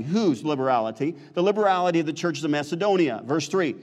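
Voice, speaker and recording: A man's voice: fairly high pitch, lively intonation, fast, few pauses, long reverb tail. An American man, a pastor, preaching a sermon and asking the congregation questions. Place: church sanctuary.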